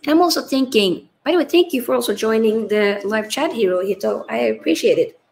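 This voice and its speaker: A woman's voice: on the high side, expressive, fairly quick, gravelly, darkish tone, a little hiss or hum, poor audio. A woman hosting a live football watchalong, chatting casually and reading out viewer comments, tired after a long stream. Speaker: livestream host.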